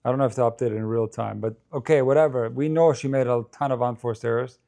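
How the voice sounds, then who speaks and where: A man doing relaxed live commentary for a stream. His voice sits at an ordinary middle pitch. He chats and thinks aloud, and talks straight to his viewers. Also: fast talker, creaky. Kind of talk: casual live match commentary.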